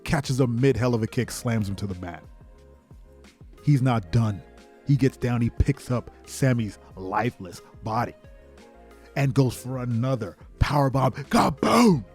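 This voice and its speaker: An excited man hosts a podcast and narrates play-by-play in an ordinary, mid-range voice. He bursts into shouted sound effects as he goes. Faint music plays behind him. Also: medium pitch, a little slow, breathy edge. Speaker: podcast host.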